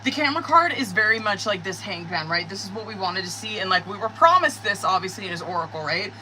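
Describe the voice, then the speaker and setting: Bright-voiced, excitable woman tarot reader. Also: medium pitch, quick pace, slight background noise, rough recording. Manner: excitable, cursing, talks to viewers. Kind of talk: live-stream tarot reading.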